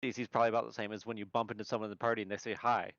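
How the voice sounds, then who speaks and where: A man's voice: on the low side, flat delivery, rapid-fire, dry recording, dull audio. A man playing a tabletop game, crude and argumentative as he reasons through the rules. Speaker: player. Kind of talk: casual tabletop chat.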